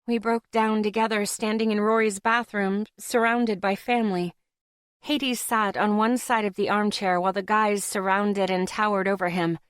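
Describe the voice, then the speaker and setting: A woman reading a first-person audiobook in a steady, expressive way. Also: mid-range voice, moderate pace, clear, resonant tone, dry recording, clean studio sound. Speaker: audiobook narrator.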